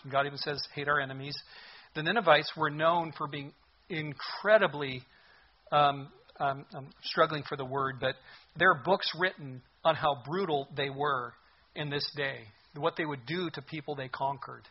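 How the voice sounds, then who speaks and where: Husky animated male preacher, lo-fi sound. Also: on the high side. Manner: animated preaching with sudden loud bursts and mocking asides. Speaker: pastor. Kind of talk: sermon.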